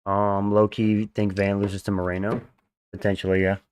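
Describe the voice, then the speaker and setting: On the low side and monotone, his darkish, clear, resonant voice goes at normal speed. He hosts a livestream with slangy, casual reactions to fights and thanks for donations, recorded dry with clean studio sound.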